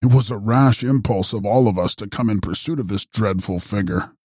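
Man doing grave consoling gentleman, measured, dark husky tone, gothic audiobook. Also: lowish voice, no echo, clean studio sound, natural voice. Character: grave steady older gentleman friend.

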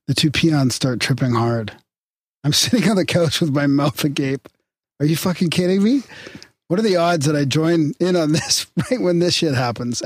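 A man's voice: medium pitch, slightly rough, dry recording. A man co-hosting a podcast, casually reading listener emails aloud with chuckles and restarts. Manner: laid-back, reads aloud with chuckles and restarts.

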